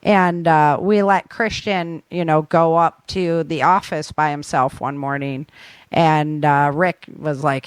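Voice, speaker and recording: A woman's voice: sits low, fairly even intonation, unhurried, clean tone, no echo. A middle-aged woman in a casual chat, telling stories with a laugh. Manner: chatty, laughing storyteller. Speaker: author and camp instructor.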